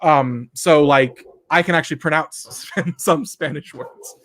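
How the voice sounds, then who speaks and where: A man's voice: a little high, measured pace, a bit bright. A young man with a South Texas accent hosting a casual livestream chat, rambling with lots of restarts. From Texas, USA. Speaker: host. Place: home room with open window.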